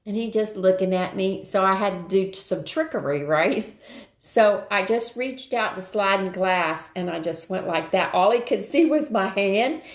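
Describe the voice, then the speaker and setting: A woman's voice: medium pitch, moderate pace. An older woman hosting a live stream, telling a rambling everyday story in casual chat and greeting viewers along the way. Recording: roomy echo.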